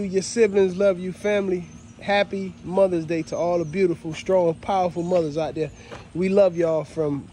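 A dog breeder vlogger walks outdoors at his kennels holding his phone, casually thanking viewers he calls "fam" in a heartfelt, repetitive way. His voice is high-pitched and mellow, with a little hiss or hum.

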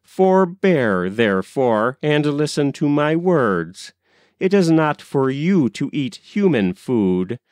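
A man's voice: on the high side, very animated, slow pace, darkish tone, no echo, pitched above the performer's own voice. A brave young hero who gives orders in a raised, defiant voice, as a man reading a storybook puts him on. His lines swing up and down with force. The sound is dry and close. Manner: commanding, defiant. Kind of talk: audiobook character reading.

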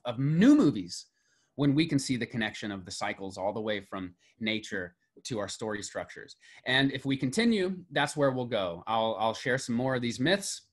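Middle-aged guy teaching a class, medium voice, gets animated on lists then trails off quiet. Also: medium pitch. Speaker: mythology lecturer. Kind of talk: classroom lecture.

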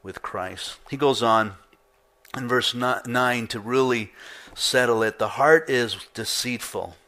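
Man, pastor, conversational sermon, emphatic repetition, bright tense tone. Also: mid-range voice, slow. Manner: conversational teaching, rhetorical questions, emphatic repetition.

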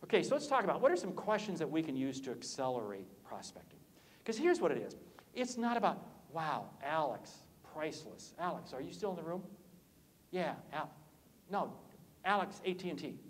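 A man giving an energetic conference keynote on sales, joking with the audience and swinging his voice up and down for effect. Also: brisk, a little hiss or hum. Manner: animated, swoops pitch up and down, jokes with audience. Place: conference hall.

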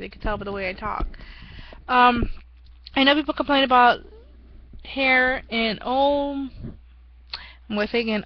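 A woman's voice: a little high, normal speed, long pauses, muffled recording. A young woman giving a rambling, self-mocking casual vlog update, often laughing at herself. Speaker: vlogger.

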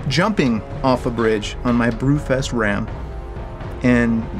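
A man's voice: mid-range voice, takes it slowly. Joking storyteller man, faint music behind. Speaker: game developer. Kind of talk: anecdote in an interview.

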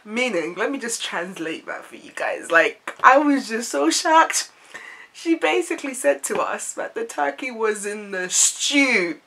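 A young woman, from an Ivorian family, telling a story to camera in a chatty, animated way full of "like"s. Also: on the high side, measured pace, gravelly. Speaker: vlogger.

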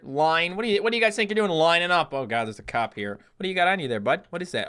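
A man from Newfoundland narrating a game in a jokey, animated way. His voice is bright and clear, and he keeps up a running stream of wisecracks with sudden yelps. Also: fairly high pitch, quick pace, few pauses. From Newfoundland, Canada. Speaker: gaming YouTuber. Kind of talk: let's-play commentary.

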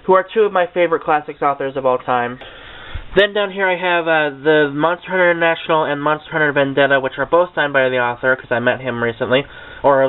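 A young man chats his way along his bookshelf, excitable and a little tongue-tied, tossing in casual swears. His voice sits a touch high and comes through clean and crisp in itself. The sound is tinny and narrow, like a cheap webcam or phone line. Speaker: book vlogger. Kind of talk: casual unscripted bookshelf tour.

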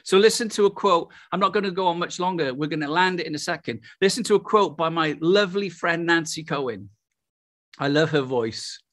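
A man's voice: on the high side, a little fast, fairly bright tone. A middle-aged man with a Welsh accent preaching a charismatic sermon, exuberant and full of exclamations. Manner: exuberant, breaks into laughter and exclamations.

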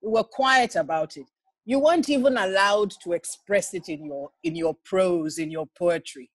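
A man in his forties speaks gently and earnestly as he introduces a poem on an online call. He sounds reflective and unhurried. The sound is dry and close. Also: sits high, dry recording. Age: 40s. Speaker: priest and poet. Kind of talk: casual introduction before a reading.

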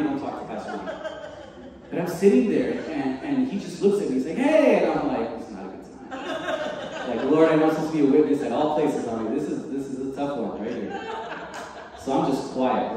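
A man preaching a sermon as pastor, telling a personal story with animated voices and frequent laughter. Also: medium pitch. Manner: animated, acts out dialogue, laughs often. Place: church sanctuary. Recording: distant mic in a large echoey hall.

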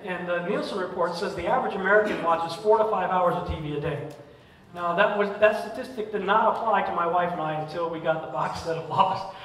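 A man's voice: high-pitched, fairly bright tone, recorded from a distance. A man giving a casual, humorous conference lecture, chatty and acting out little scenes with asides. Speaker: conference speaker. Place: conference hall. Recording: echoey hall recorded from afar, faint noise.

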